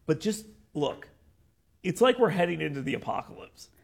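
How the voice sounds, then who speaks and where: Animated raspy man hosting a political show. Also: a little high, moderate pace. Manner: animated, incredulous, laughing asides. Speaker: host.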